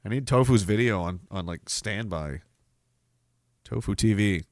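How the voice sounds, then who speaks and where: A male livestream host who riffs on chat with a sardonic, rambling delivery. His pitch moves around a lot. The recording is dry and close to the mic. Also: animated, fairly quick, fairly bright tone, no echo. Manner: sardonic, rambling, laughs often. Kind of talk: casual livestream commentary, reading chat.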